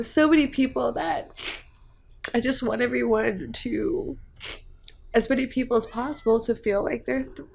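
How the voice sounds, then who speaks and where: Slow gravelly-voiced woman vlogging heartfelt. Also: a little high. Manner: rambling, heartfelt, many fillers. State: tearful at times. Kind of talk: emotional personal vlog.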